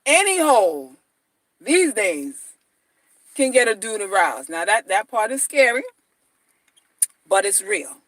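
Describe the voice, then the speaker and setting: A woman's voice: medium pitch, sing-song, slow pace, long pauses, a bit bright, no echo, poor audio. A woman dating-advice vlogger talking casually and bluntly to viewers, slangy, mocking and repetitive.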